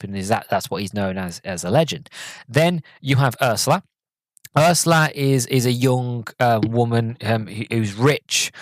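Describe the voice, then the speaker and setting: A man's voice: mid-range voice, dry recording. A man, hosting a podcast and chatting casually about a film, rambling with many fillers and restarts. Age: 20s. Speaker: podcast host.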